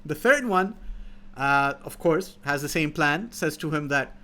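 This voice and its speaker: A man's voice: a little high, clear, resonant tone. A man giving a moral talk to young people, telling stories with many fillers and restarts. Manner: halting, many fillers, animated storyteller. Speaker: speaker in a youth teaching series.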